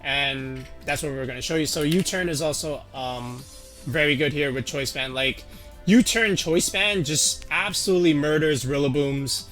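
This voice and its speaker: A man's voice: on the high side, moderate pace, fairly bright tone, faint music behind. A man casually walking through a game teambuilding tutorial, rambling with lots of fillers and restarts. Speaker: competitive game YouTuber.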